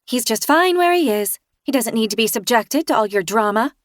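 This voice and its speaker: Smug woman, sanctimonious, sugary and condescending, done by a female narrator, higher voice. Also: animated, normal speed, no echo, studio quality, lightly acted. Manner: condescending, falsely sweet.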